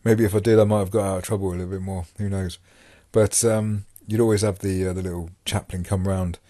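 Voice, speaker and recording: A man's voice: low-pitched, little pitch movement, fast, mellow, no echo, studio quality. A man hosting a podcast, talking casually about his time in prison, rambling with many fillers and restarts. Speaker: podcast host and former prisoner. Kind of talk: casual monologue.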